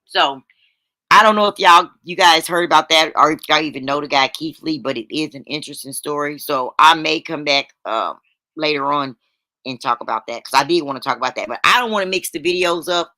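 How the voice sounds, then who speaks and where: A woman's voice: low-pitched, a little fast, pushed and bright, no echo. A woman hosting a casual motivational live stream. She talks in a chatty, folksy way and keeps checking in with her listeners. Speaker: livestream host. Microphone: streaming setup microphone.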